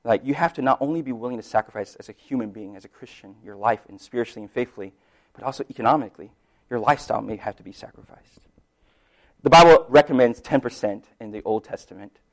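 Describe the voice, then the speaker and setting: Preaching conversationally, this man keeps asking "right?", laughs often, and moves back and forth between gentle and forceful delivery. His voice sits at medium pitch and he speaks quickly.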